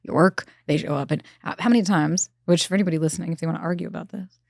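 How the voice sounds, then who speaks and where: Fast-talking woman, lively storyteller. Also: lowish voice, creaky, no echo, clean studio sound. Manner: animated, acts out her own inner dialogue. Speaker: relationship expert guest. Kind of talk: conversational storytelling. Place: studio.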